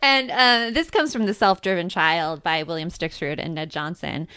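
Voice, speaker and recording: A woman co-hosting a podcast in casual chat, talking in an expressive, laughing way. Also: fairly low pitch, moderate pace, smooth, dry recording, clean studio sound. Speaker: podcast co-host.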